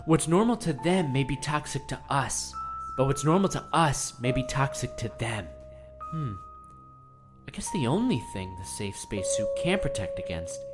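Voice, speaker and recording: A man hosting a scripted comedy audio piece, earnest and gently idealistic. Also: mid-range voice, lively intonation, normal speed, loud music behind the voice. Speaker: host.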